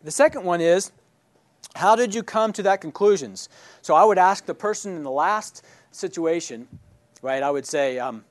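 A man's voice: high voice, lively intonation, normal speed. A man teaching a church class who keeps checking in with his listeners, asking "right?" and "all right?". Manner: asks questions and checks in with "right?".

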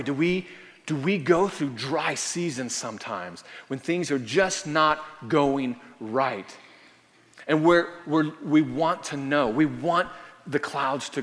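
A man preaching a sermon in an easy, conversational way. He often repeats himself, adds tag questions, and goes quiet and hushed when he quotes prayers. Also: mid-range voice. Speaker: pastor. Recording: hall reverb.

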